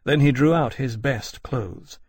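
A man narrating an audiobook in an even, measured storytelling way. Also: medium pitch. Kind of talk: scripted narration.

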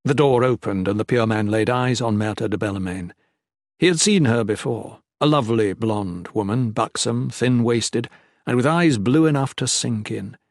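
A man narrating an audiobook in a measured, descriptive way. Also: mid-range voice, no echo, studio quality.

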